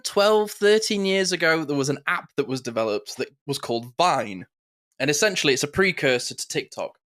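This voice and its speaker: A man co-hosting a podcast in casual chat, animated and quick to mimic catchphrases. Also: medium pitch. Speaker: podcast co-host.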